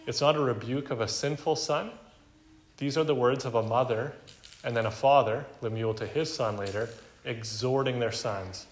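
A male pastor preaching an expository sermon, earnestly explaining scripture step by step. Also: medium pitch. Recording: echoey room with faint noise.

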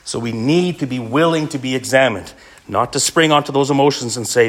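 A man preaching a sermon in an earnest, emphatic way, often dropping quieter as he voices inner thoughts. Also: mid-range voice, a little fast.

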